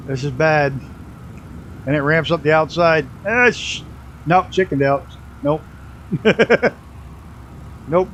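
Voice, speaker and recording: A man's voice: on the high side, gravelly, highs cut off, a little hiss or hum. A man live-streaming a flight simulator with a mixed New York and Canadian accent touched with Southern US, laughing often and speech hampered by a damaged tooth. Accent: mixed New York and Canadian with a hint of Southern US. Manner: laughs often, excitable exclamations. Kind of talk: live flight-sim game commentary.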